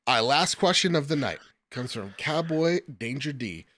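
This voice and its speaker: Animated joking man with a slight lisp. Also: mid-range voice, moderate pace. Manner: joking, animated, reads listener mail. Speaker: podcast co-host. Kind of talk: casual podcast chat.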